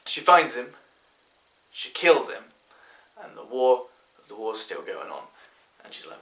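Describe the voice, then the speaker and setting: British male reviewer, bright edgy voice, unhurried rambling delivery, echoey room. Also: mid-range voice, very animated, vocal fry. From Britain. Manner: rambling, chatty, with many fillers and restarts. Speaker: film reviewer. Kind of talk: casual spoken movie review.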